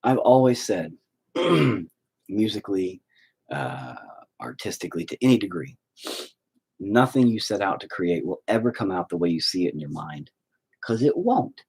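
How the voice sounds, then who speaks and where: A man's voice: low voice, big pitch swings, normal speed, gravelly, long pauses, darkish tone, breathy edge. A man vlogging about his own art in a rambling, sarcastic, self-mocking way, swearing often. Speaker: artist vlogger. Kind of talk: casual self-deprecating vlog.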